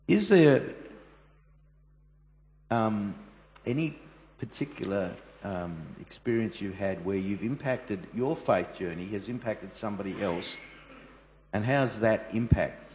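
A man interviewing a guest at a church gathering, asking gentle, halting questions. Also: lowish voice, slight background noise. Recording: echoey room with long reverb.

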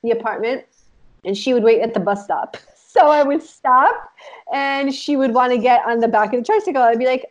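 Speaking fairly fast in a rather high voice on a muffled recording, a life coach from Israel tells stories as a guest in a casual chat. She wanders through her memories, giggling often and leaning heavily on "like."

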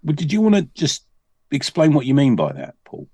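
A man's voice: a little high, wildly swooping pitch, brisk, warm tone, husky, dry recording. A man hosting a casual podcast interview, laughing easily and asking long, rambling questions. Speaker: podcast host.

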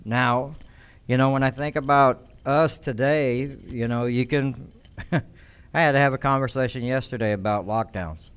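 A male pastor delivers a sermon in a smooth, resonant voice at an ordinary pitch. He reads scripture and then teaches in a loose, conversational way, often restarting his sentences. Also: unhurried. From United States.

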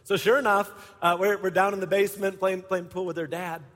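A man's voice: high-pitched, flat delivery, fairly quick, fairly bright tone. A man in his forties, a pastor, telling a humorous personal story to his congregation with laughter along the way. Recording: echoey hall.

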